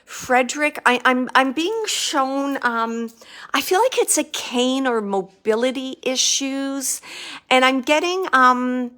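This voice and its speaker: Woman psychic medium, fairly high voice, halting and emotional live reading. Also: expressive, fairly bright tone. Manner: emotional, halting, many fillers and restarts.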